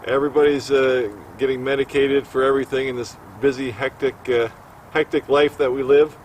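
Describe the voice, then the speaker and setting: A middle-aged man recounting a personal story outdoors, his voice pitched in an ordinary middle range. He speaks haltingly, full of fillers and restarts, like a casual vlogger by a campfire. A faint hum of outdoor noise sits behind him. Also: flat delivery.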